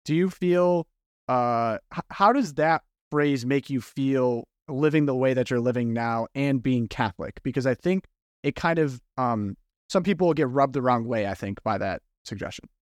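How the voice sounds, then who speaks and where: A man's voice: mid-range voice, normal speed, no room sound, clean studio sound. A man hosting a casual panel podcast, setting up questions with hesitant starts. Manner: hesitant, restarts, warm framing of questions. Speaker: podcast host.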